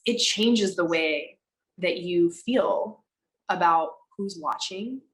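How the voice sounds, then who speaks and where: A woman with a slightly low voice speaks as a podcast guest, telling her story in an animated, emphatic way. She slows down to draw out her key words, then rushes through quick asides, and swears now and then for emphasis. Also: low-quality recording. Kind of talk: candid conversational storytelling.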